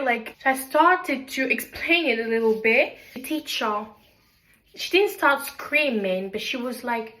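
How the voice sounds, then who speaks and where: A woman's voice: a little high, unhurried, sharp tone. A young woman from Belgium talking casually to her vlog camera in her kitchen, chatty and self-deprecating as she tells stories. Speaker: vlogger. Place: home kitchen.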